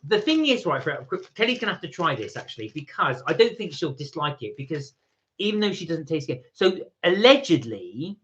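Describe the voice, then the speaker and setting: A man's voice: a little high, big pitch swings, a little fast, a bit bright, lo-fi sound. A man hosting a live stream, chatting casually and rambling as he tastes snacks and reads out viewer comments. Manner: chatty, rambling, reads chat messages aloud.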